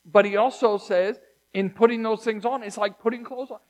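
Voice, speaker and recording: A man preaching a sermon as pastor, talking to his church in a conversational, emphatic way that swings from loud to hushed. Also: high voice, steady tone, moderate pace.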